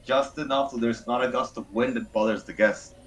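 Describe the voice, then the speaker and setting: A man's voice: medium pitch, steady tone, fairly quick, rough recording. A man playing a tabletop role-playing game, describing his character's actions hesitantly with fillers. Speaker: player.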